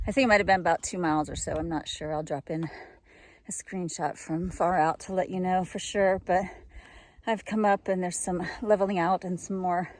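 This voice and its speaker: A woman's voice: fairly low pitch, fairly even intonation, fairly quick. A cheerful, chatty woman narrating her hike outdoors on a mountain trail, talking into a handheld camera and laughing often. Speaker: hiking vlogger. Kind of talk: casual vlog narration while hiking.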